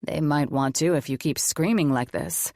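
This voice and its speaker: A woman voicing a calm, gentle male doctor in an audiobook, speaking softly and steadily to reassure. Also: low-pitched, normal speed, dry recording, studio quality. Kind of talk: audiobook character voice.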